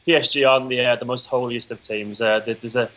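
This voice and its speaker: A man's voice: medium pitch, little pitch movement, fast talker, fairly bright tone, low-quality recording. A man appearing as a guest in a casual football chat, enthusiastic and opinionated.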